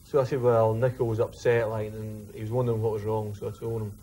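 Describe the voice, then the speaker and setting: A man, a former footballer telling a lively anecdote in an interview. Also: on the low side, fast talker, a little hiss or hum. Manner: animated, mimics others while telling a story. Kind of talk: storytelling anecdote.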